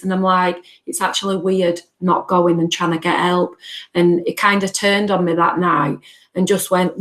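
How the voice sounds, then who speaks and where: A woman telling her story as a guest on a podcast, in an earnest, halting way. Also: lowish voice, steady tone, reverberant, low-quality recording. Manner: earnest, halting, acts out remembered dialogue. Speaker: guest, bereaved mother. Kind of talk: personal storytelling in a podcast interview.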